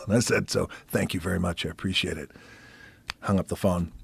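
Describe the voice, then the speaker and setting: A middle-aged man with a deep, husky, gravel-edged voice tells casual stories as a podcast guest, swearing freely. He sometimes drops into a hushed near-whisper. The sound is close-miked and dry. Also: a little fast, no room sound. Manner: gravelly, shifts to hushed near-whispers when retelling quiet moments; swears casually, laughs between anecdotes. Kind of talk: casual storytelling.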